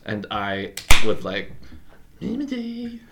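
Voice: mid-range voice, sing-song, moderate pace. A co-host chatting casually and playfully at home, joking and teasing. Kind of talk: casual chat. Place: home room. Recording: home recording with clear background noise.

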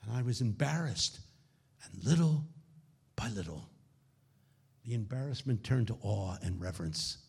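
Husky preacher with lively pitch. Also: male voice, a little slow, pauses often. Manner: dramatic storytelling, dropping to hushed lows. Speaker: keynote speaker. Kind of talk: conference sermon. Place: conference hall.

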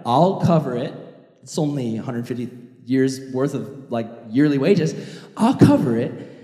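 A man's voice: medium pitch, lively intonation, a little slow, warm tone, voice pushed down, lightly acted. A man playing a breezy, offhand king. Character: powerful male king, generous then stern. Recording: echoey hall reverb.

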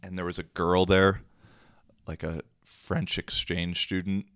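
A young man hosts a solo podcast in a slangy, rambling, self-mocking chat. His voice sits low and deep, and he talks at an unhurried pace. The sound is dry and close, with no room around it. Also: little pitch movement, fairly bright tone, clear, resonant tone, no echo. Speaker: podcast host.

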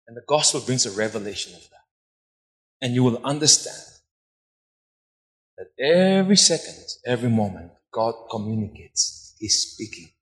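A man preaching a sermon. He repeats words for emphasis and swings between hushed and loud delivery. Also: medium pitch. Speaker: pastor. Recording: long hall reverb.

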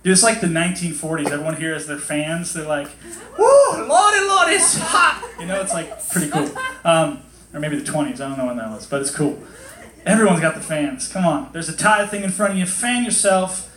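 A man preaching a casual sermon to a congregation in a hot hall, chatty and animated, acting out quotes in different voices. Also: on the high side, brisk, background noise. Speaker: pastor. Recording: echoey hall.

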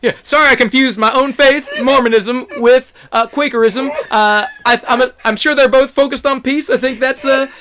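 A man's voice: very high voice, fairly even intonation, normal speed, few pauses, sharp tone, pitched above the performer's own voice. A man doing an upbeat male morning radio DJ voice with a bouncy, exaggerated announcer delivery. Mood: playful.

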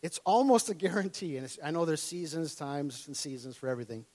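A man from Minnesota preaching a sermon, telling a personal story with animated storytelling, acting out his past self in excited tones and laughing often. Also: a little high, fairly quick.

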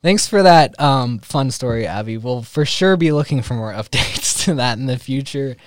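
A man's voice: mid-range voice, expressive, no echo, studio quality. Laughing young man co-hosting a podcast. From Northwest Missouri. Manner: laughs often, halting restarts. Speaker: podcast co-host. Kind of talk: casual podcast chat.

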